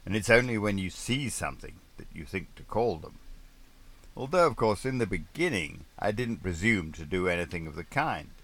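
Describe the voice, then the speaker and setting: A man's voice: sits low, a bit bright. A man narrating a sailing memoir as an audiobook, with dry, wry understatement.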